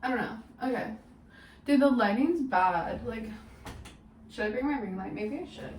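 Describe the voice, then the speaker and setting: A woman's voice: on the high side, animated, moderate pace, reverberant, far from the mic, a little hiss or hum, poor audio. A young woman vlogging at home, telling a story in a rambling, chatty way full of "like" and "literally". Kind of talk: casual storytime vlog.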